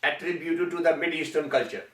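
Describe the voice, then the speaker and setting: A man delivering a spiritual talk, telling a parable slowly and deliberately with long pauses. His voice sits high for a man and rings bright. The sound is echoey and set back from the mic. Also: steady tone. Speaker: spiritual teacher. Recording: echoey room from far off.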